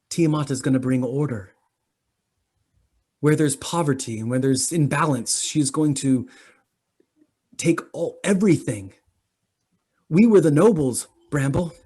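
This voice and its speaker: A man's voice: medium pitch, darkish tone, breathy edge. A man voicing a zealous young noblewoman. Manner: pleading, rising to fervent conviction. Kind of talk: tabletop role-play acting.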